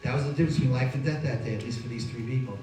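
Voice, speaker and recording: A man's voice: medium pitch, racing, dark tone, a little hiss or hum. Man telling a dramatic survival story. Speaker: guest speaker. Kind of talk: storytelling talk to an audience. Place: hall with audience. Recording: very echoey hall from far off.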